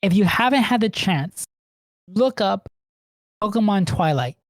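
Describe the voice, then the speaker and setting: A man's voice: high-pitched, lively intonation, a little slow, dry recording. A man co-hosting a podcast, chatting casually and telling rambling stories full of swearing and laughter. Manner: rambling, profane storytelling with frequent laughs. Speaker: podcast co-host. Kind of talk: casual chat.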